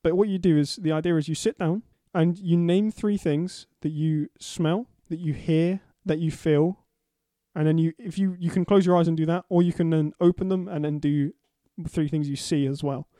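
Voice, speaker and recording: A man's voice: fairly high pitch, steady tone, moderate pace, warm tone, no room sound, studio quality. A young man co-hosting a casual podcast chat, agreeable and a little hesitant, with restarts. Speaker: podcast co-host.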